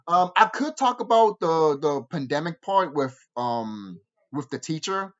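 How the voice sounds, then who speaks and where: A woman's voice: low voice, a little slow, muffled recording. A woman ranting in a review vlog, swearing freely, with lots of fillers and restarts. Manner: animated, profane ranting with many fillers and restarts. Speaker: show reviewer.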